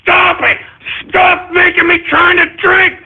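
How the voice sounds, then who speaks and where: A man voicing a frantic, short-tempered male radio sidekick in a whiny, shouting rant. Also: very high-pitched, little pitch movement, takes it slowly, heavily acted. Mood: pleading. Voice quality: whiny, shouting, exasperated ranting. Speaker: radio show regular. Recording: tinny phone-like audio.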